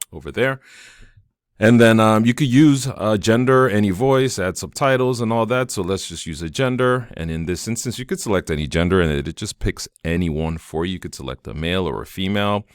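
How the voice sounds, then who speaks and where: A man hosting a screen-recorded software tutorial, talking casually and enthusiastically, thinking aloud with fillers. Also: deep voice, dry recording, studio quality. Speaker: tutorial host.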